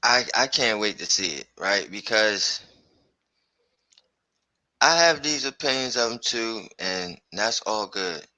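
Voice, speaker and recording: Bright-voiced, excitable sports podcast host. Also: male voice, lowish voice, slow pace, long pauses, no room sound, poor audio. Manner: loose, excitable, slangy, lots of fillers. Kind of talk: casual sports chat.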